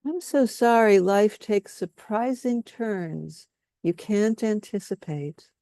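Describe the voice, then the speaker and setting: A woman leading a guided healing workshop, speaking softly and soothingly as she has the group repeat statements after her. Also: mid-range voice, lively intonation, slow pace, no room sound, clean studio sound. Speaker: workshop leader.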